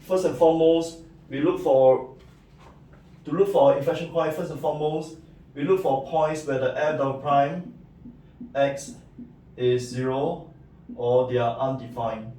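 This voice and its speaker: A man's voice: a little high, fairly even intonation, measured pace, pauses often, dark tone. Man lecturing math in an echoey room. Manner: explains step by step with many "right?" and "okay". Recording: echoey room, mic at a distance.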